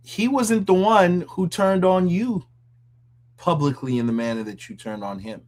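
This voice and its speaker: A man's voice: high-pitched, a little slow, a little mellow. A man hosts a casual commentary show, reacting to a clip with mocking disbelief. He talks loosely and conversationally and breaks into laughs often. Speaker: commentary host.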